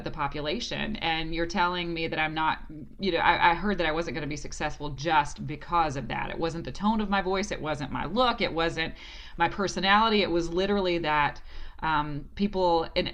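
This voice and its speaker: A woman in her forties with a Southern American accent talks as a guest on a podcast. Her voice sits a little low. She speaks reflectively, often restarts her sentences, and laughs easily. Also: a bit bright. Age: 40s. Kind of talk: casual interview talk.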